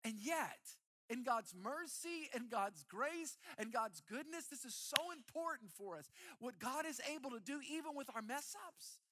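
A middle-aged man preaching a sermon as pastor, animated and repeating words as he builds. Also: very high voice, normal speed, few pauses.

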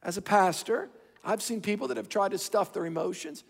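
A high-pitched, gravelly middle-aged man delivers an emphatic sermon in a large church. He repeats phrases and slows down to press each point. The long reverb of the hall rings behind his voice. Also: animated. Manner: emphatic, repeats himself, shifting pace for stress. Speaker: pastor.

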